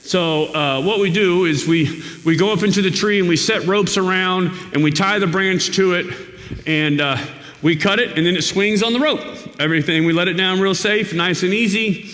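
A man preaching a sermon in a church, telling a personal story in an emphatic, lively storytelling manner. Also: sits high, moderate pace. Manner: storytelling, emphatic, shouts when reliving anger. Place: church hall. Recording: echoey church hall.

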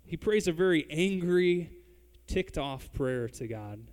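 A man's voice: a little high, lively intonation, slow, darkish tone, smooth, long reverb tail. A man preaching a sermon, speaking conversationally and addressing the congregation directly. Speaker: pastor.

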